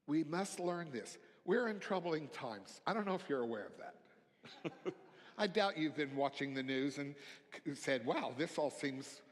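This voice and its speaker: A man preaching a reflective sermon as a minister, slow and gentle, dropping to near-whispers on key phrases. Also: fairly high pitch, expressive. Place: church sanctuary. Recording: long hall reverb.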